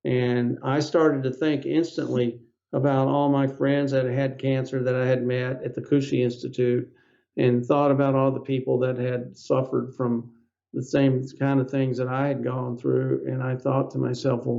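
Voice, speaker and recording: A man's voice: mid-range voice, little pitch movement, unhurried, vocal fry, dark tone. An older man, a podcast guest, telling a long personal story in a rambling way and acting out the dialogue of the people in it. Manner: rambling, acts out quoted dialogue. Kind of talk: anecdotal storytelling. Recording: dull lo-fi audio.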